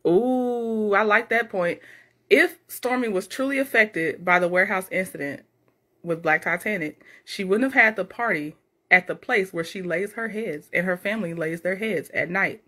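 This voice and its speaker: A woman hosting a casual live stream, reading viewer comments aloud and reacting with animated chatter and frequent laughter. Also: medium pitch, normal speed.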